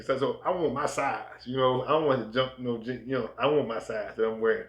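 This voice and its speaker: A man in his thirties co-hosting a married couple's podcast, talking casually in a soft, low-key voice that sounds close to a whisper, and acting out quoted voices as he tells stories. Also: a little fast, hardly any pauses, echoey room, muffled recording. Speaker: podcast co-host. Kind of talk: casual chat.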